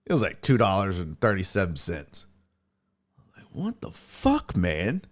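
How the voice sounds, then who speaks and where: A man's voice: deep voice, a little slow. A man hosting a casual sports talk livestream, ranting and telling stories with lots of cursing and answering viewer chat. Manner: animated, profane storytelling rants. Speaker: sports talk show host.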